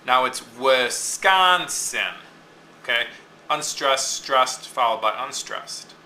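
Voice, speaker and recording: A man's voice: mid-range voice, fairly even intonation, unhurried, pushed and bright, echoey room, a little hiss or hum, low-quality recording. A man teaching a lesson, explaining step by step and often checking in with "okay?". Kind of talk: classroom lecture on poetic meter.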